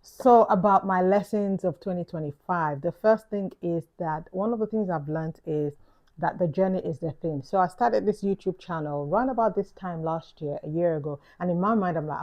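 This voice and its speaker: A woman's voice: lowish voice, moderate pace, a little mellow, highs cut off. A woman with a London accent giving an earnest, reflective vlog monologue, repeating key phrases for emphasis. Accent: London English. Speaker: YouTuber.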